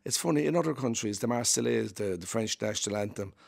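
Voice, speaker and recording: A man's voice: fairly low pitch, animated, quick pace, creaky. Jokey Irish man telling radio anecdotes. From Ireland. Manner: anecdotal, jokey, chuckles while talking. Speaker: regular radio panelist. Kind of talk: casual radio chat.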